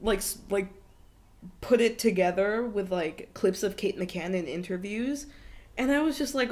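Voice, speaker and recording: A woman's voice: mid-range voice, measured pace, darkish tone. A young woman co-hosting a podcast, in casual chat full of "like" fillers, giggles and swearing. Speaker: podcast co-host.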